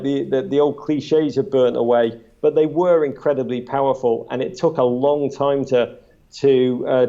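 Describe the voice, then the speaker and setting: Gravelly man telling animated stories. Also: mid-range voice, dull audio. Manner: animated anecdotes, many restarts. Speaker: podcast guest and author. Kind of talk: live panel storytelling.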